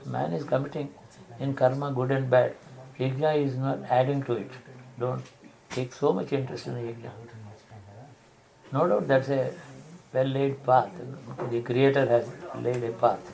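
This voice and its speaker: A man giving a spiritual discourse, explaining slowly and restarting phrases to rephrase his examples. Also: mid-range voice, gravelly, mellow, poor audio. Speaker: spiritual teacher.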